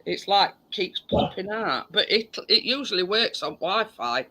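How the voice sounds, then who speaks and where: A hoarse woman with a Yorkshire accent, hosting a casual live-stream chat over a video call and often stumbling over and repeating her words. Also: medium pitch, animated, measured pace, bright, forceful tone, rough recording.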